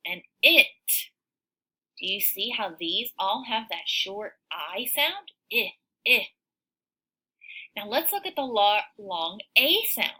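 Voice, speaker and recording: A woman teaching a phonics lesson to young children, sounding out words slowly and cheering her listeners on. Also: mid-range voice, breathy edge, low-quality recording. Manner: slow, sounds out words, animated encouraging teacher voice.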